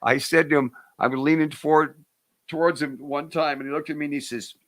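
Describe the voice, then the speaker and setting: A man's voice: on the high side, a little fast. A man in his seventies, a comedian and screenwriter, casually telling jokey anecdotes and acting out quotes as an interview guest. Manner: animated, jokey storyteller who acts out quotes.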